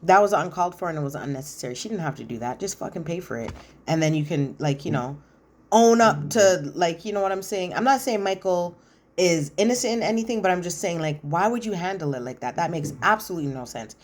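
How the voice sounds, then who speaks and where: A woman giving a casual, opinionated recap commentary on a reality show, retelling scenes in an animated way with slang asides. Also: on the low side, fast.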